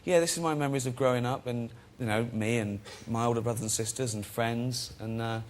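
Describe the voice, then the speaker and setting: A man, a guest in his forties, chatting away on a talk show at a middle pitch. He tells rambling, self-mocking stories and laughs easily, with a loose, conversational delivery. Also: steady tone, brisk. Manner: chatty, self-deprecating anecdotes, laughs often. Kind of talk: casual chat show interview.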